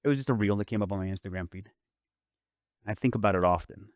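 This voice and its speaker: Low-voiced earnest male podcast host. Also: fast, dry recording, clean studio sound. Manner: earnest, reflective, quotes others in lively retellings. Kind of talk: earnest casual chat.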